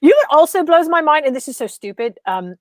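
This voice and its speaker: A woman's voice: high voice, expressive, quick pace, darkish tone, no room sound. A woman hosting a casual chat, talking in a rambling, giggly way. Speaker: host. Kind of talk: casual chat on a live stream.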